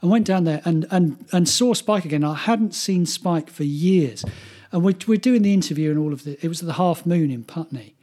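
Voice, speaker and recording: A man's voice: a little high, normal speed, warm tone. A man in casual chat, telling a rambling anecdote with laughs and restarts as a podcast co-host.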